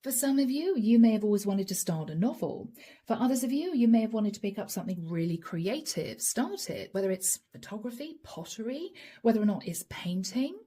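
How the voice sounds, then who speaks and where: Breathy, mellow-voiced woman reading tarot. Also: mid-range voice, sing-song, fairly quick. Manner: chatty, direct, keeps addressing the viewer by star sign. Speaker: psychic tarot reader. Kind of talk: casual channeled reading to camera.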